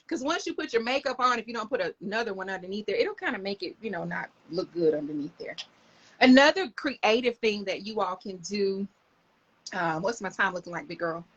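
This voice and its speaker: A woman's voice: mid-range voice, lively intonation, normal speed, muffled recording. A middle-aged woman, chatting enthusiastically to viewers in a casual live stream, recorded on a phone camera.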